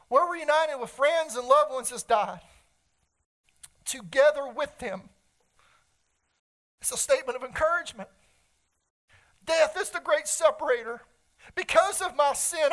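Male pastor, earnest sermon delivery, swings between loud and soft, heartfelt. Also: very high voice. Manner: earnest, swells and drops in volume, emotional at times.

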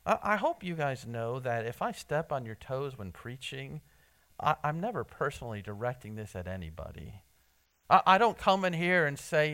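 A man preaching a sermon in church, earnest, often restarting his words and swinging between loud emphasis and soft asides. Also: medium pitch, very animated, moderate pace. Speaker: pastor.

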